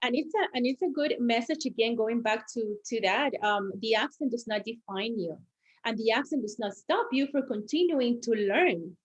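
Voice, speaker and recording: A woman's voice: fairly high pitch, normal speed, dull audio. A woman hosting a podcast interview, talking thoughtfully and searching for her words as she goes. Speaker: podcast host. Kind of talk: conversational interview.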